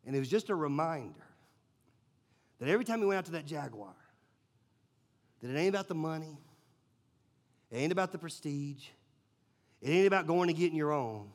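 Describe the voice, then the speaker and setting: A man from Tennessee with a Southern accent, a pastor telling a sermon story, swinging between loud bursts and hushed moments. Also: on the high side, animated, fairly quick, pauses often. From Nashville, Tennessee, US. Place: church.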